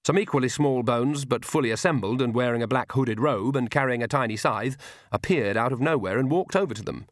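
Brief: male audiobook narrator, steady measured delivery, dry studio sound. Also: mid-range voice, no room sound. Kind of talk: scripted narration.

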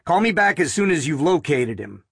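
A man's voice: fairly high pitch, big pitch swings, normal speed, vocal fry, fairly bright tone, husky, no echo, clean studio sound, exaggerated voice. A man reading the lines of a tired, fed-up police officer on night duty in an audiobook. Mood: weary. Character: weary adult male police officer on night patrol.

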